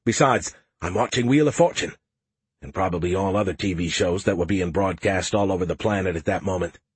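A man's voice: sits low, a little fast, husky, no room sound. A man voicing a cocky, boastful male alien AI in an audiobook, teasing everyone he talks to. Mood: smug. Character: smug male alien AI in a beer can. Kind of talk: audiobook character voice.

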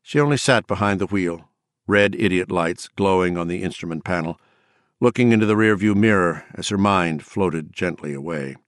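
A man narrating an audiobook in a measured, dramatic storytelling manner. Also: low-pitched, dry recording, clean studio sound. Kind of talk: scripted narration.

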